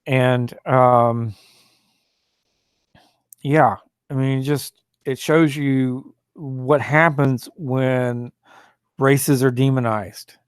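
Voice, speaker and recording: A man's voice: mid-range voice, steady tone, extremely slow, pauses often, smooth, dry recording, clean studio sound. A man hosting a solo talk show, rambling and indignant, with many fillers and restarts, who mocks opposing views in a raised, sneering voice.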